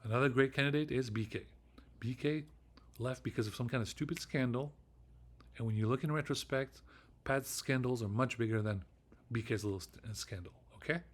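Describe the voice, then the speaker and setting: A man's voice: mid-range voice, a little fast. A middle-aged man delivering a rambling solo vlog monologue, ranting, swearing often and repeating himself with frequent restarts. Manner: ranting, profane and repetitive, with restarts. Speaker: vlogger.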